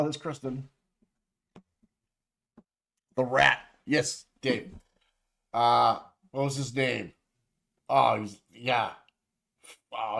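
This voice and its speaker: A man's voice: mid-range voice, vocal fry, a bit bright. A man co-hosting a livestream in casual, profane, rambling chat with his viewers. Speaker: livestream co-host.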